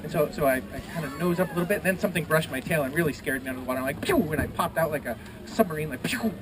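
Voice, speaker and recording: Animated man telling a tale outdoors. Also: a little high, racing. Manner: lively, gasping, sound effects, quoting voices. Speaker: festival storyteller. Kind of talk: animated storytelling to a live audience. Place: outdoors at a renaissance festival. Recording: noisy outdoor live recording.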